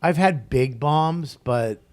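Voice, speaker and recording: A comedian in his forties telling a story in casual conversation, profane and animated, laughing as he goes. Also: fairly high pitch, takes it slowly. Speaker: guest comedian.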